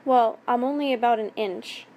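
A woman reading the lines of a cold, domineering man in a spoken story, keeping a calm and measured delivery in a somewhat high voice. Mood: cold commanding.

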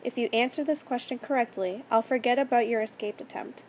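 A woman reading the part of a menacing man in an audio story, cold and controlled, his menace kept under a level, measured delivery. The voice sits fairly high, with a faint hiss behind it. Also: fairly even intonation, a little mellow, lightly acted, poor audio. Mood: cold calm. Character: calm, menacing adult male captor.

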